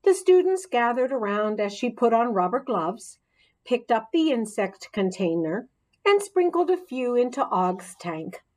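A woman reading a children's chapter book aloud in an expressive, playful storytelling manner. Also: fairly high pitch, measured pace. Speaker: audiobook reader.

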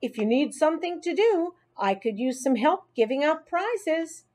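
A woman's voice: sits high, animated, a little slow, pitched above the performer's own voice. A woman voicing a patient, firm grown man who coaxes a child in a read-aloud story. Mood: coaxing. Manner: coaxing, gently firm.

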